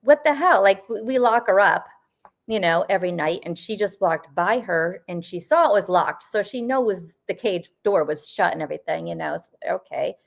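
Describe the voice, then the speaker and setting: A woman in her fifties from the US Northeast, a paranormal investigator telling stories in a casual interview, rambling with lots of fillers and quick laughs. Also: lowish voice, vocal fry. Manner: rambling, full of "you know" and "like", laughs often.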